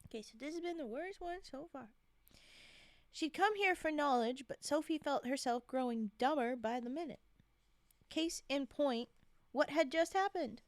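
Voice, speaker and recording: A woman's voice: high voice, normal speed, dry recording, studio quality. A woman streamer reading holiday short stories aloud, breaking off to laugh and chat with viewers. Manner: giggly, chatty, breaks off to react to viewers. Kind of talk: casual read-aloud with chat asides.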